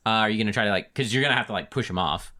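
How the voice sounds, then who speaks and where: A man's voice: fairly low pitch, rapid-fire, pushed and bright. A man narrating a tabletop game as game master, loose and full of filler words.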